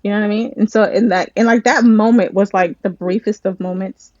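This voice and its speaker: A woman's voice: medium pitch, a little fast, dry recording, highs cut off. A woman who writes screenplays and supervises scripts tells stories animatedly in a casual interview, often restarting her sentences. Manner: animated storytelling, many restarts.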